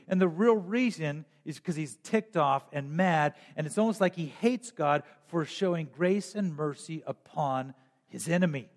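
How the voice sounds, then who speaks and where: A man preaching a sermon as pastor, with emphatic rises and frequent throat clearing. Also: high voice, normal speed, long reverb tail.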